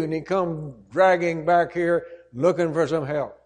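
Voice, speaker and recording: Earnest higher-voiced preacher. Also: male voice, steady tone, unhurried, darkish tone. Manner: earnest storytelling, emphatic. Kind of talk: sermon.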